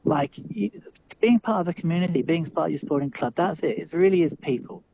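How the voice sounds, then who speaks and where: A man's voice: fairly high pitch, animated, brisk, gravelly, dark tone, breathy edge, no echo. A man with an Australian accent, a drama teacher answering interview questions thoughtfully, with lots of fillers and restarts.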